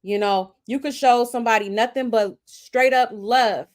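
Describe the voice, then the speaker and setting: A woman commentator reacts in a loose, slangy way, pressing each point with emphasis. Her voice sits a little high. She talks right to her audience as if they were in the room. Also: steady tone, moderate pace. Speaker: commentary host.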